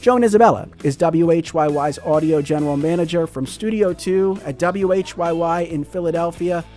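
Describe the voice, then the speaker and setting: A man hosting a public radio talk show from a studio, measured and friendly as he interviews and signs off. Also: a little high, dark tone, faint music behind. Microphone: studio microphone.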